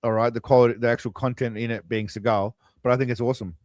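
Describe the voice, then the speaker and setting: A man's voice: medium pitch, steady tone, fast talker, a little mellow. A man hosting a live stream, chatting loosely and rambling to his viewers. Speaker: streamer host. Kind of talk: casual live-stream chat.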